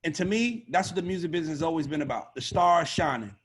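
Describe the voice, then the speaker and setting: Husky, blunt-talking man on a panel. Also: fairly high pitch, fast. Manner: blunt, profane, animated storytelling. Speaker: record label A&R panelist. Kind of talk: casual panel discussion.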